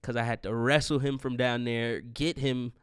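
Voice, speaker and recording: A man's voice: mid-range voice, fairly even intonation, moderate pace, clear, resonant tone, no room sound, studio quality. A man in his twenties hosting a podcast, telling a rambling, profane, grieving story in a casual monologue. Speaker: podcast host.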